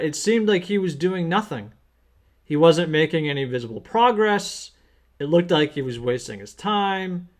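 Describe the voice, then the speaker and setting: A man who works as an accountant, teaching small business owners through an earnest, plain-spoken story. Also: fairly high pitch. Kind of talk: storytelling lesson.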